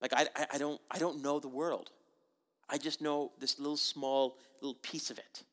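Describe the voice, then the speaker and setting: A man voicing a humbled suffering man who haltingly admits he does not know, within a sermon. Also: fairly high pitch, level tone, fairly bright tone, big-room sound, close to an everyday voice.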